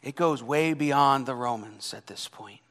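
A man preaching a sermon, dramatic, swinging between loud emphasis and hushed, near-whispered lines. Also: mid-range voice, unhurried. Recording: long hall reverb.

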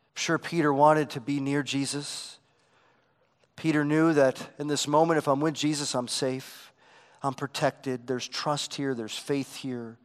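A pastor preaching a sermon, swinging between emphatic passages and hushed, quiet ones. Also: male voice, medium pitch.

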